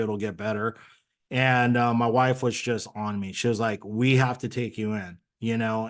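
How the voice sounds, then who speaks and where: A man's voice: mid-range voice, fairly bright tone. A man speaking as an interview guest, telling his story in an earnest, conversational way with plenty of fillers. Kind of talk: candid personal story.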